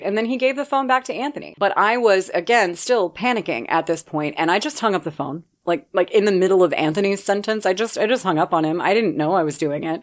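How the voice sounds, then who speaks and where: A woman from Nebraska telling a personal story in a casual way, excitable, swearing freely and laughing as she goes. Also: on the low side. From Nebraska, USA.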